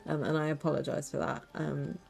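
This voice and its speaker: A woman's voice: sits low, little pitch movement, brisk, gravelly, a little mellow, soft background music. A woman streaming a game, chatting casually with rambling asides and giggles. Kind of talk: casual let's-play commentary.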